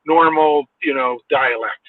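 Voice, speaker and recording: A man's voice: mid-range voice, a little slow. A man from Washington state, chatting casually and asking curious questions. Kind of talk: casual chat. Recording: tinny phone line with faint hiss.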